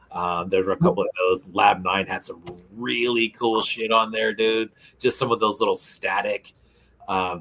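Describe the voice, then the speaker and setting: A man's voice: low-pitched, fairly bright tone. A man co-hosting a toy podcast, talking in an easygoing, hesitant way full of fillers. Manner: easygoing, hesitant, lots of "um" and "dude". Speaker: podcast co-host. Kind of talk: casual toy-collector chat.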